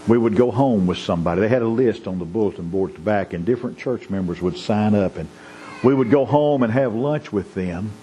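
A man's voice: fairly low pitch, dark tone, slight background noise, low-quality recording. A male pastor delivering a sermon, folksy and storytelling, building to emphatic preaching.

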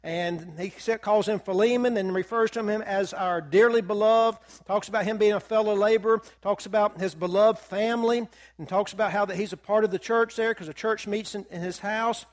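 A man with a fairly high voice and a drawl leads a Bible class. He talks in an easygoing, folksy way, with fillers and asides to the students, and draws out the scripture quotes slowly. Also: steady tone.

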